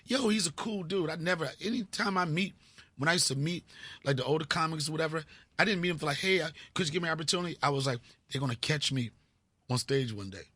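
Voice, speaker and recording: A man in his fifties from Washington, D.C., telling stories as a comedy guest in an animated, profane way. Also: fairly high pitch, fast talker, dry recording. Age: 50s. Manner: animated, profane, acts out scenes. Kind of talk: casual storytelling interview.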